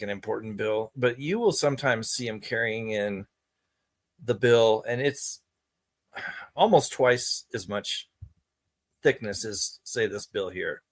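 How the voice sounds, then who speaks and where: A man vlogging straight to his viewers in a loose, rambling monologue. He sounds exasperated and conspiratorial, and he keeps circling back over his own sentences. His voice sits at an ordinary middle pitch. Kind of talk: casual monologue to camera.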